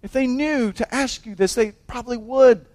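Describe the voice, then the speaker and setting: High-voiced impassioned male preacher. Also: normal speed. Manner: impassioned, swings between loud exhortation and hushed intensity; frequent restarts and repeated words. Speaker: pastor. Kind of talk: sermon.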